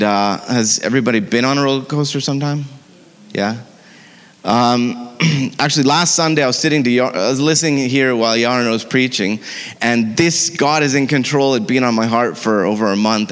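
Man preaching in a reverberant church hall. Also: lowish voice. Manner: conversational, with fillers and self-corrections. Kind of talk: sermon.

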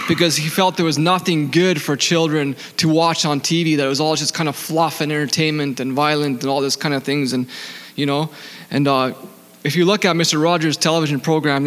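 A man with an accent preaching to a congregation, his voice fairly high for a man. He keeps putting questions to the listeners and then answering them, and he reads the scripture passages slowly. The voice carries a long reverb from the hall. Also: fairly bright tone. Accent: non-native accent. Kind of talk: sermon.

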